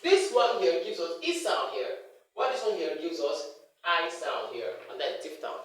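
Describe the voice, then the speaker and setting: A man teaching English pronunciation in a classroom lecture, repeating words over and over for emphasis. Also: high-pitched. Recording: echoey room, mic far off.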